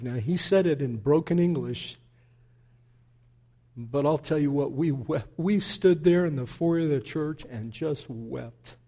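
An older male pastor delivering a sermon in a warm, mellow voice. He speaks slowly and unhurriedly, and his pitch sits a little above the usual for a man. His storytelling is animated and gives way to a quieter, prayerful tone.

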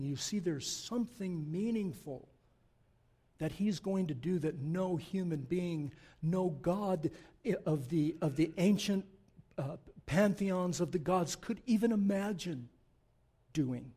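A man in his sixties preaching a sermon, swinging between loud emphatic declarations and quiet, reflective asides. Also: fairly high pitch, slightly rough. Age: 60s. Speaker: pastor.

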